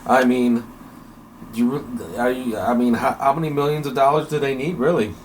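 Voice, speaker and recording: A man's voice: mid-range voice, steady tone, normal speed, slight background noise. A man co-hosting a casual podcast, joking and asking questions. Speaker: podcast co-host. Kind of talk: casual chat.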